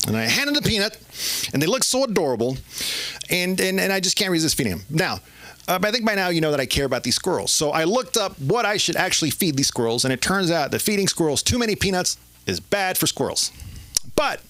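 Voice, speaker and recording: Middle-aged male stand-up, lively up-and-down pitch, rambling and halting, dry close sound. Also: no room sound. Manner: rambling, halting delivery with many fillers. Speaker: stand-up comedian. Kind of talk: open mic stand-up. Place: comedy club stage.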